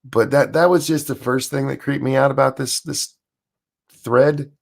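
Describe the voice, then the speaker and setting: A man's voice: mid-range voice, steady tone, normal speed, creaky. A man hosting a casual rant stream, sarcastic and crude, rambling with many fillers, still in his morning voice. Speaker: streamer host.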